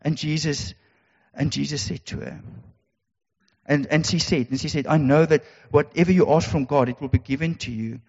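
A man's voice: on the high side, moderate pace, gravelly, a little mellow. A man preaching a sermon, earnest and repetitive, with emphatic rhetorical questions. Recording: dull sound in a reverberant hall.

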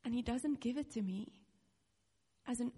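A woman's voice: on the high side, normal speed, dark tone, breathy edge. A woman in her thirties preaching a personal sermon, earnest and near tears, with nervous little laughs. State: close to tears. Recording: reverberant hall.

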